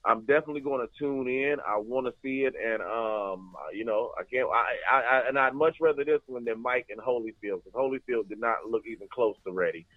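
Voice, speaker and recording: A man's voice: mid-range voice, fairly quick, few pauses, no echo. A man co-hosting a podcast, rambling through casual sports chat with restarts and fillers. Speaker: podcast co-host. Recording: tinny phone-like line.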